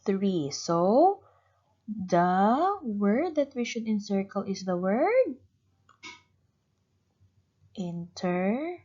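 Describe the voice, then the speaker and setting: Patient female teacher for young kids, very slow with a lively pitch, on a dull lo-fi recording. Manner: slow, patient, questions and praises pupils. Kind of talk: online class lesson for young children.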